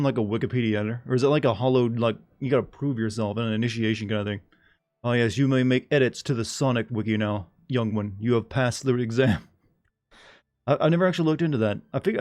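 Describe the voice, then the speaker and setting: Male streamer, casual and jokey, mid-pitched voice, faint music underneath. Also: darkish tone. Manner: rambling, jokey, puts on silly voices. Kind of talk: casual chat with viewers. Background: faint music and air conditioning hum.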